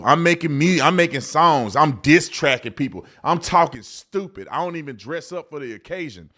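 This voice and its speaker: A man's voice: a little high, a bit bright. A man from Texas with a Texan accent, hosting a live political commentary show in a blunt, mocking, slangy way. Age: adult. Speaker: host.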